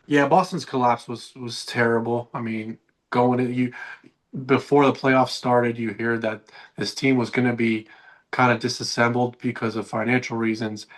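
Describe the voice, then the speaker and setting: A man's voice: medium pitch, little pitch movement, moderate pace. A young man co-hosting a casual sports podcast, rambling and often restarting his sentences. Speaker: podcast co-host.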